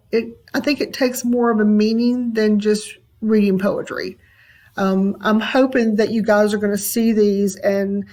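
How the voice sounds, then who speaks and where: Slow-talking woman teacher, many ums. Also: a little high. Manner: relaxed and unhurried, many ums and uhs. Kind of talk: recorded classroom lesson.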